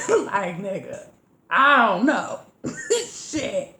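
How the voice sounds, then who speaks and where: Gravelly-voiced woman, blunt and profane. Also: medium pitch, drawn-out words. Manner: blunt, profane, animated storyteller. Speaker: podcast co-host. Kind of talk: casual podcast chat. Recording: echoey room.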